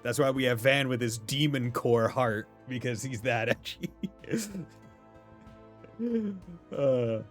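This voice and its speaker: Streaming a game, a Rhode Island man talks in a casual, wandering way, laughing often and throwing in the odd swear word, all in a light Rhode Island New England accent. His voice sits in the mid-range, moves slowly with frequent pauses, and has soft music underneath.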